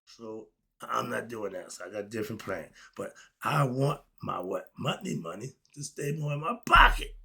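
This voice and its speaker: An older man talking casually and emphatically in a monologue, with laughing asides, swinging between loud and soft. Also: medium pitch, big pitch swings, moderate pace, creaky, husky. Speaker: commentator.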